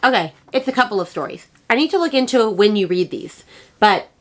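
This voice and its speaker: A woman's voice: a little high, lively intonation, brisk. A woman book vlogger chatting casually and enthusiastically, gushing and rambling with fillers as she shows her book haul.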